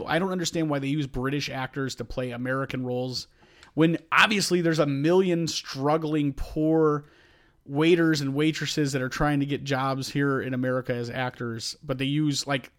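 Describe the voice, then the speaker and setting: A man's voice: medium pitch, normal speed. A man co-hosting a podcast, rambling through opinions in casual chat with frequent restarts. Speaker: podcast co-host.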